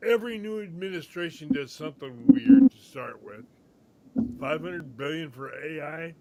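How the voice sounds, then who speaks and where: A man's voice: a little high, normal speed, mellow. A man joining a casual online panel chat, laid-back and joking.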